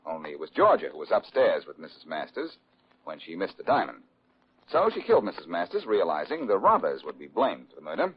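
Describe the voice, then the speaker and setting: A man's voice: low voice, huge pitch swings. An actor playing a breezy, wisecracking male detective in a 1940s radio drama, old lo-fi recording. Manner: breezy, teasing, quick with quips. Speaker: detective lead. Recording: dull lo-fi old radio recording with faint hiss.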